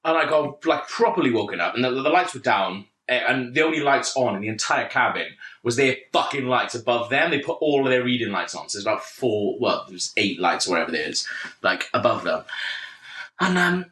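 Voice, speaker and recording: A man telling a story in casual podcast chat, animated, swearing and poking fun at himself. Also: medium pitch, brisk. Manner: animated, sweary, self-mocking. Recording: roomy echo.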